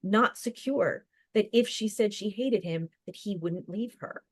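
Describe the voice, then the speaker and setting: A woman's voice: mid-range voice, no room sound. Dry-voiced woman counselor explaining. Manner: warm, explanatory, speaks in quick bursts with restarts. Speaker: licensed counselor, guest. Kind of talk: conversational podcast interview.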